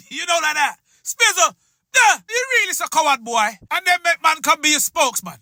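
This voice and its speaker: Man host, taunting rant, very high voice, piercing bright tone. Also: lively intonation, brisk, no room sound. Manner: loud, taunting, shouting often. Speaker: commentary channel host. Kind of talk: hyped street-style commentary.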